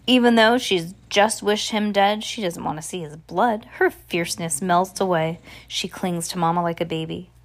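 A woman's voice: lowish voice, normal speed, hardly any pauses. A woman reading a ghost story aloud expressively, dropping in casual asides. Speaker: storybook reader.

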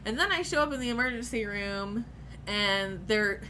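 A woman's voice: mid-range voice, animated, normal speed, pushed and bright, slight background noise. A woman telling a personal story in casual chat, candid and profane, often laughing as she talks.

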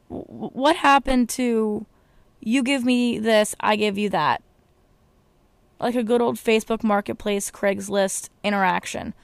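A woman's voice: mid-range voice, no room sound. A young woman hosting a podcast, ranting casually and exasperatedly, swearing and rambling with restarts. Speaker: podcast host. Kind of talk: casual solo rant.

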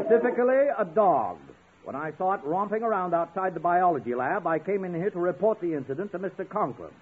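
A man's voice: high voice, animated, normal speed, crowd noise, background noise. An actor playing a stern, suspicious male school official who gives commands in a 1950s radio sitcom. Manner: commanding, interrogating. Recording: tinny old radio broadcast.

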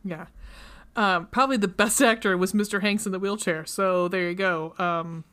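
A woman's voice: mid-range voice, fairly even intonation, normal speed, fairly bright tone, clean tone. A woman hosting a podcast, casually retelling a movie plot in a rambling, chatty way with many fillers, into a studio mic. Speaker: podcast host.

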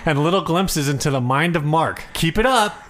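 This is a man co-hosting a laid-back podcast, trading jokes with his partner. His voice sits a little higher than most men's. He reads listener reviews aloud with an easy, amused delivery and laughs readily. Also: animated, normal speed, fairly bright tone. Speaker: podcast co-host. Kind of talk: casual podcast banter.

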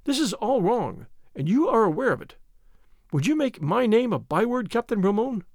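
A man puts on a proud young noblewoman, lifting his voice high and letting it swing widely as she protests. Her lines come indignant and spirited, a fiery storybook heroine. The sound is close and dry. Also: very animated, moderate pace, no echo, heavily acted. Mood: reproachful. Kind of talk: audiobook character reading.

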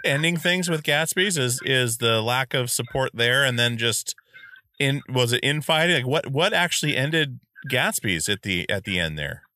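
A man's voice: medium pitch, lively intonation, moderate pace, pushed and bright, no room sound, clean studio sound. A man hosting a podcast, asking questions in a casual interview chat and reacting eagerly to his guest. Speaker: podcast host. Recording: clear background noise.

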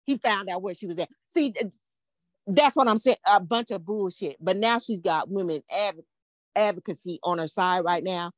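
An older woman hosting a podcast tells a story to a live audience in a mid-range voice at a moderate pace. She's blunt, profane, and emphatic, firing off plenty of rhetorical questions, and the studio recording is clean with no echo.

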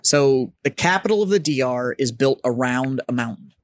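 A man hosting a podcast, telling stories in a casual bar chat, animated and swearing freely. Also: mid-range voice, normal speed, dry recording, studio quality. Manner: animated storyteller, swears freely, mimics voices. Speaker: podcast host. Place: studio set up as a bar.

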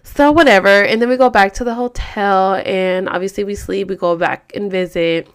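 A woman's voice: mid-range voice, steady tone, normal speed, smooth. A woman hosting a podcast, telling a story in a rambling, profane, casual way full of fillers. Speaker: podcast host.

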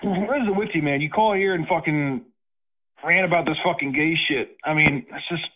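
A man's voice: on the high side, moderate pace. A man making prank phone calls, profane and aggressive, over a phone line. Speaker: prank caller.

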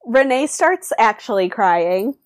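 A woman's voice: on the high side, expressive, takes it slowly, dry recording. A woman co-hosting a casual recap chat, summarizing events in a dry, matter-of-fact way. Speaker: podcast co-host.

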